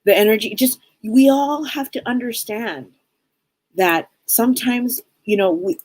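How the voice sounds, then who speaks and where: A woman's voice: a little high, measured pace, a little mellow, no room sound, poor audio. A woman hosting a casual live stream as a psychic, talking to viewers in an upbeat, rambling way and often repeating her phrases.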